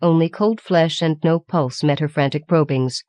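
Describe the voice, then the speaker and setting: A woman reading a fantasy audiobook in a measured, even storytelling manner. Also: deep voice, no room sound. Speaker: audiobook reader. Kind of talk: scripted narration.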